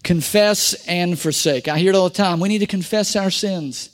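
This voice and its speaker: A middle-aged male pastor preaching a sermon, calling on the congregation for amens and swinging between loud pushes and quiet asides. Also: sits high, normal speed.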